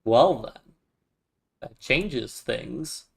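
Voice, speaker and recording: A man's voice: medium pitch, expressive, drawn-out words, vocal fry, breathy edge. A man giving casual, wry commentary while playing a strategy game, chatting to himself as he goes. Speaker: gaming YouTuber. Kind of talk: casual let's-play commentary.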